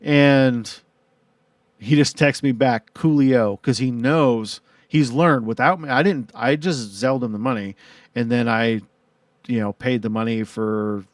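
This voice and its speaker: A man's voice: mid-range voice, dry recording. A man telling a casual, rambling story, full of fillers and quoted back-and-forth dialogue. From Tucson, Arizona. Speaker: vlogger. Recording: dry, from a distance from the mic.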